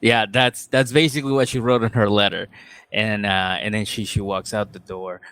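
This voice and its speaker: A man's voice: lowish voice, steady tone, moderate pace, a bit bright, clean tone, dry recording. A man co-hosting a podcast in casual chat, laid-back and profane, often acting out quotes. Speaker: podcast co-host and stand-up comedian. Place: in or near Nashville.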